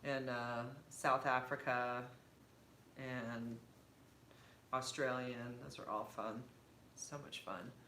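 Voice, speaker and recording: A woman co-hosting a casual live stream with a bright, forward voice. She talks in an animated, chatty way and laughs easily. The sound is roomy, with faint noise underneath. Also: very deep voice, takes it slowly, pauses often. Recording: echoey room with faint background noise.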